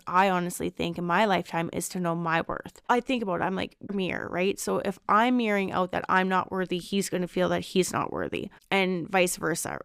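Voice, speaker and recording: Gravelly-edged, smooth-voiced woman host. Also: medium pitch, no room sound, studio quality. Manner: candid, reflective monologue. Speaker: podcast host. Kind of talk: casual personal reflection.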